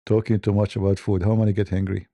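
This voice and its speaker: Gravelly dark-voiced man chuckling through a story. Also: fairly low pitch, little pitch movement, fast talker, dry recording. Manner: chuckling, broken English, many restarts. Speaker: host. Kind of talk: casual storytelling on a live stream.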